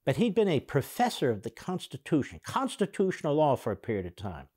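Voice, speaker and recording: A man's voice: a little high, huge pitch swings, a little fast, a little mellow, husky. A man hosting a political commentary show, reacting to clips in a sarcastic, indignant monologue.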